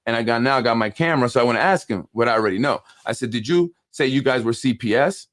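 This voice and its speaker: On his live call-in show about local politics, a New York host spends a long stretch recounting a run-in, speaking quickly and with lively energy. He voices other people's lines and trips over repeated words as he heats up, his pitch ordinary and mid-range.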